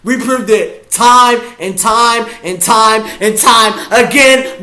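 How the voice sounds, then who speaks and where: A man reacting to a football game as a fan, hyped and often shouting his cheers. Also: high-pitched, a little slow. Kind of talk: live game reaction vlog.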